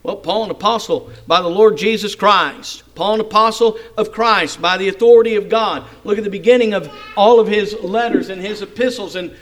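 A man preaching a sermon, reading scripture aloud and explaining it with strong emphasis, at times dropping to a soft voice. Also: high voice, a little fast, few pauses.

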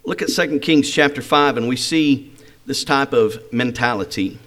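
A middle-aged man preaching a sermon, telling a story with lively rhetorical questions. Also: mid-range voice, normal speed.

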